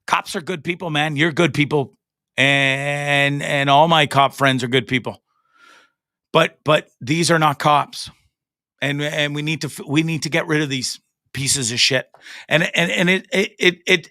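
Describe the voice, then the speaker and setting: A man's voice: a little high, bright, forceful tone, no room sound, clean studio sound. A Canadian man in his forties hosting a show, delivering an angry, profane, repetitive rant, stammering as he gets fired up. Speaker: host. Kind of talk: impassioned solo rant. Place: studio.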